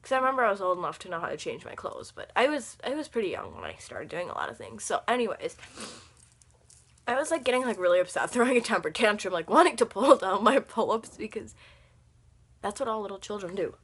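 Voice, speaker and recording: A young woman telling a rambling story on her vlog, laughing often as she talks, with a slightly husky voice. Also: mid-range voice, very animated, fast, fairly bright tone. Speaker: vlogger.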